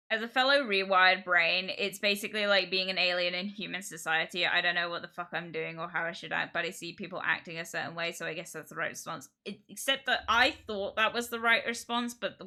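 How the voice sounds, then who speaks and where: A woman streamer chatting casually from her home office into a streaming mic, rambling and quick to laugh. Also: lowish voice, pushed and bright. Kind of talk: casual livestream chat. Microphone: streaming microphone.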